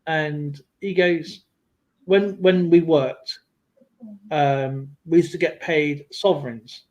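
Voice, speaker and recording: A man chatting casually on a livestream, rambling through an animated story with lots of fillers. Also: fairly high pitch, slow, highs cut off. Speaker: guest on a livestream. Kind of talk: casual chat.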